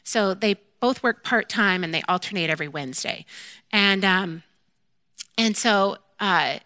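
A woman giving a candid, self-deprecating personal faith testimony, telling her story in an animated way and acting out her own quoted lines. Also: mid-range voice, a little slow, no echo. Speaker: mother sharing a faith testimony.

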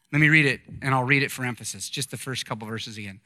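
A man in his forties preaching a conversational sermon, reading scripture and adding lively asides to his congregation. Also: medium pitch, fairly quick, dry recording, studio quality. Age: 40s. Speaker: pastor.

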